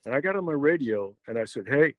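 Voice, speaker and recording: An older man with a drawl tells a story as a podcast guest, wandering through it with fillers, restarts and asides. His voice sits at an ordinary middle pitch. The sound is close and dry, with no room around it. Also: very animated, fast talker, no room sound, low-quality recording. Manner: rambling, many fillers and restarts. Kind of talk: casual storytelling.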